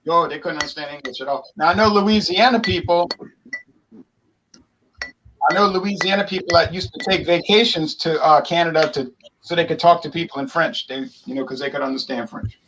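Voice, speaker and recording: A man co-hosting a casual talk show, telling animated opinionated stories and mimicking people he quotes. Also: fairly high pitch, brisk, background noise. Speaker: podcast co-host.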